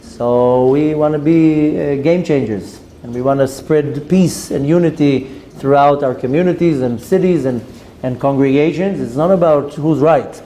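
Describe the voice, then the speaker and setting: A man's voice: fairly high pitch, measured pace, mellow, a little hiss or hum. A man, a rabbi giving an earnest sermon that urges his listeners on and mixes in Hebrew terms.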